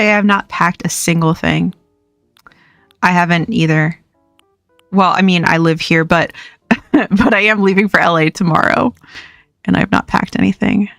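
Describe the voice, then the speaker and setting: A woman's voice: mid-range voice, a bit bright, dry recording, studio quality. Chatty young woman streaming a game. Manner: chatty, rambling, laughs often. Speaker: livestream host. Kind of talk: casual chat while gaming.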